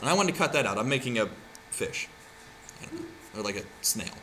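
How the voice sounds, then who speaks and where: A man's voice: medium pitch, big pitch swings, a little fast, sharp tone, a little hiss or hum. A man teaching a craft class in a casual, chatty way, often checking in with "right?" as he demonstrates. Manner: chatty, keeps asking "right?". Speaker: art teacher.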